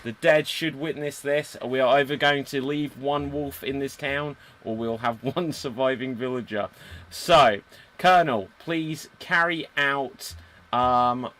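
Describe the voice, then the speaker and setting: A man's voice: medium pitch, a little slow, fairly bright tone. A man hosting a live online improv show, upbeat with laughing asides.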